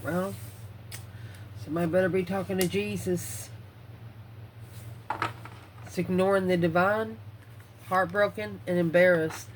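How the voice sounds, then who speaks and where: A woman's voice: lowish voice, fairly even intonation, a little slow, long pauses, noisy background. A woman giving a casual tarot reading, blunt and swearing freely, out of breath as she muses over the cards. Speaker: tarot reader.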